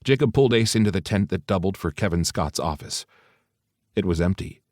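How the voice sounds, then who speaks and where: A man reading an audiobook in steady, even scripted narration. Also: deep voice, a little fast, no room sound, clean studio sound.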